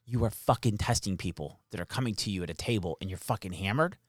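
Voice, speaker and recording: A man's voice: fairly low pitch, fast talker, no room sound, studio quality. A man casually telling stories from his time as an army captain, swearing freely and quoting the people involved. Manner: profane, animated, quotes people in his stories. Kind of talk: casual storytelling chat.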